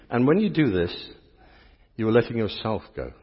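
A middle-aged English priest giving a playful, interactive sermon and teasing his volunteers. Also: medium pitch. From England. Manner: playful, teasing, chatty with the congregation. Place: church. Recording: dull lo-fi sound with long church reverb.

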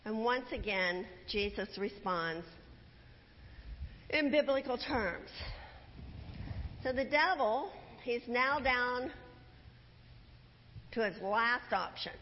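A woman's voice: fairly high pitch, animated, takes it slowly, long pauses, slight background noise. A woman preaching a sermon in a church, telling the story and putting questions to the congregation. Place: church sanctuary. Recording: dull, echoey church recording.

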